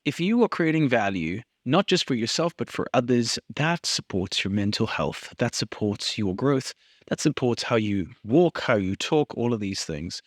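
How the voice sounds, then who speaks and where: Excitable young man chatting on a podcast. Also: medium pitch, normal speed, no room sound, studio quality. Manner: excitable, swears freely. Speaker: podcast co-host. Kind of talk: casual podcast chat.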